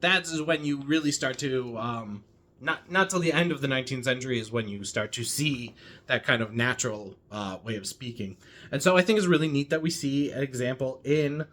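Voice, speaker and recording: A man with a bright, forward voice talks through a novel in a casual review. He thinks aloud as he goes, circling back and restarting his sentences. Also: mid-range voice, a little fast. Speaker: book reviewer. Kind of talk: casual book discussion.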